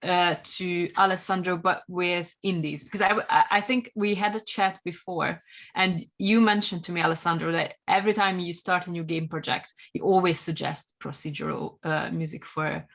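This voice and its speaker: A woman's voice: lowish voice, steady tone, moderate pace, gravelly, a bit bright. A woman on a panel, asking a guest a polite question with some hesitation.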